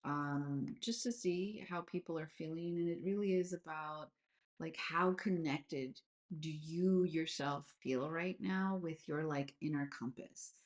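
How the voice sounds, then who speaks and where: A woman in her forties talks candidly on a live video call, her voice sitting low. She rambles along with plenty of filler words and drifts from one thought to the next in a loose, chatty way. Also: a little slow. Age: 40s. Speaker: host of a live astrology session. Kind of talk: casual live-stream chat.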